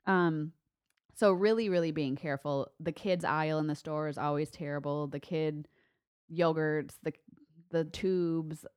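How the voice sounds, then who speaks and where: Woman, lower voice, smooth and clear, emphatic, dry close sound. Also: fairly even intonation, a little slow, a little mellow, no echo. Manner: emphatic, repeats points. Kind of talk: casual chat.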